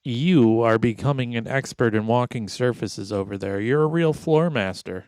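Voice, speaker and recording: A man's voice: mid-range voice, moderate pace, a little mellow, no echo. A middle-aged man hosting a casual comedy podcast, teasing and sarcastic. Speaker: podcast host. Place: home podcast booth.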